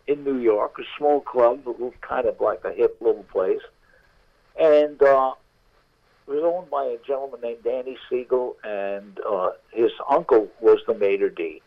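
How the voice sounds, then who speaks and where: An older man and guest storyteller, telling an anecdote unhurriedly and acting out the characters over a tinny phone line. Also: mid-range voice.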